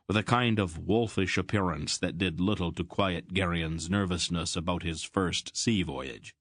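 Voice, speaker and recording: A man narrates a fantasy audiobook in a deep, low voice, steady and even. The recording is close and completely dry. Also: dry recording. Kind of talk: scripted narration.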